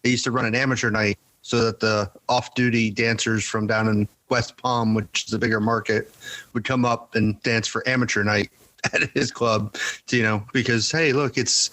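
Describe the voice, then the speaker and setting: A man's voice: fairly low pitch, steady tone, moderate pace, pushed and bright, dry recording. A man co-hosting a podcast tells an anecdote in a meandering, hesitant way over a video call. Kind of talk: casual anecdote.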